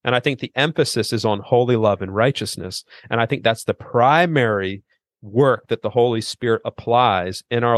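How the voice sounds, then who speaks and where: As a podcast guest in a theological interview, a middle-aged seminary president and author earnestly explains theology, frequently restarting his sentences. His voice sits on the low side, and the recording is dry.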